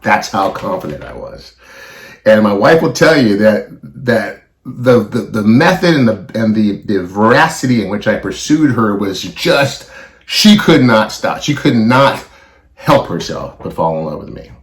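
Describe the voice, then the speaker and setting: A man's voice: on the low side, very animated, a little slow, reverberant. A middle-aged man hosting a podcast, talking bluntly and emotionally with heavy swearing in a confessional monologue. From California. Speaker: podcast host.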